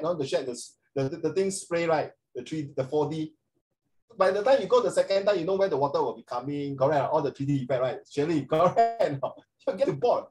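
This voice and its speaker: Heard on a low-quality recording, this middle-aged Singaporean social studies teacher talks chattily through his classroom lecture, often tossing in rhetorical tag questions. His voice is a little high with a darkish tone.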